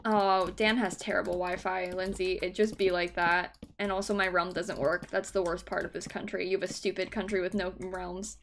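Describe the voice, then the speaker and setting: A woman's voice: lowish voice, level tone, normal speed, few pauses, a little hiss or hum. A young woman in her twenties, streaming from home, reading chat messages and teasing in a giggly, playful way. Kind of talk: casual live stream chat. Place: home room, in the UK.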